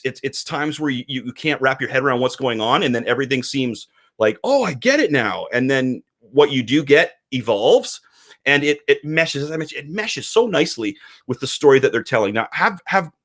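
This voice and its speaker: A man's voice: mid-range voice, a little fast, a bit bright. A man co-hosting a casual podcast, talking animatedly and acting out quoted voices. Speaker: podcast co-host, comic publisher.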